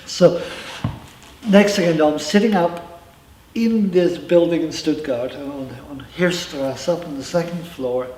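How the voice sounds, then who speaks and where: A man's voice: fairly high pitch, unhurried, darkish tone. Man recounting his story, roomy and distant. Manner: reflective, with emphatic asides. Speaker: interviewee, former member telling his story. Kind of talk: personal account in an interview. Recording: roomy, from a distance, faint ambience.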